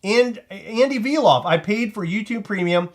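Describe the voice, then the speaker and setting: A high-pitched man with a Maryland accent hosts a casual live chat. He talks in an excitable, rambling way and breaks into laughter often. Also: moderate pace. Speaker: host.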